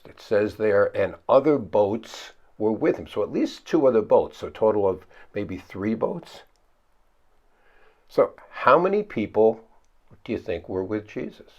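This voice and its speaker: Male pastor, low gravelly voice, lively and chatty sermon delivery, dull lo-fi recording. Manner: conversational, asks the listeners questions and answers them himself; acts out the frightened disciples in high pleading voices.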